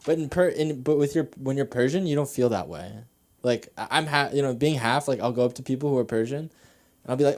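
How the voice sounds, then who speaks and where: A young man does nervous, rambling open-mic stand-up on a comedy club stage, full of fillers and restarts. His medium-pitched voice is expressive, fairly quick, and somewhat dark in tone.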